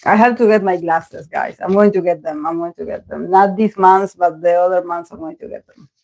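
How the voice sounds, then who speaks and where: This tarot reader, a native Spanish speaker on a live stream, has a lowish voice and a brisk pace amid background noise. She rambles casually, with lots of fillers, restarts and self-corrections.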